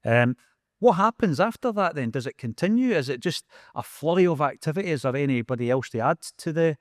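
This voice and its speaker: A man's voice: a little high, animated, fairly quick, no room sound, clean studio sound. A man with a Scottish accent hosting a casual podcast interview, asking questions in an enthusiastic, chatty way. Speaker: podcast host.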